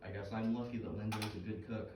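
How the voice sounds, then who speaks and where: A man's voice: fairly low pitch, steady tone, fast talker, close to an everyday voice. A man playing folksy fisherman Mike, heard from afar. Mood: storytelling. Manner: folksy, joke-telling, full of trivia. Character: chatty middle-aged male fisherman Mike. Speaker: actor in a two-person comedy skit. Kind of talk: scripted comedic dialogue. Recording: roomy, distant, noisy stage recording.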